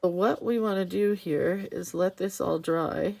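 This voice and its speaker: A middle-aged woman hosts a casual crafting livestream, chatting while she works and reading viewer comments aloud with warm sympathy. Her voice is fairly low, a little slow, and creaky.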